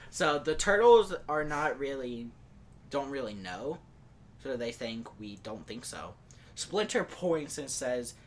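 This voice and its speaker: Podcast host, rambling casual retelling, mid-pitched voice, faint background hiss. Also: big pitch swings, slow. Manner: rambling, loose with fillers like "like" and "and stuff".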